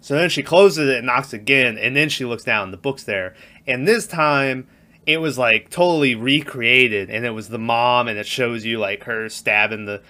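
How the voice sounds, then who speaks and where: A man's voice: medium pitch, normal speed. A man in casual podcast chat about horror films, telling stories animatedly and acting out the lines he quotes. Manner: animated storyteller, acts out quotes with laughs.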